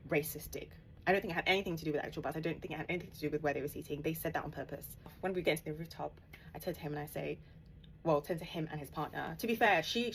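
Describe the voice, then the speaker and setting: A woman, vividly retelling a personal story on her vlog, animated and emphatic, with bursts of laughter. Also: low voice, slight background noise. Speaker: vlogger.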